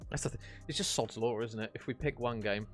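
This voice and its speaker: A man's voice: medium pitch, quick pace, soft background music. A man casting an esports charity stream, chatty and matey as he wraps up the day. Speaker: esports caster. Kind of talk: esports stream sign-off commentary.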